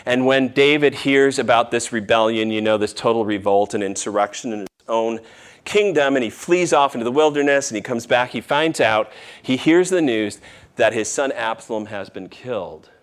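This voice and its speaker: A man pastor preaching a sermon, shifting between raised emphasis and tender, hushed near-whispers in a church. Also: medium pitch, moderate pace, smooth.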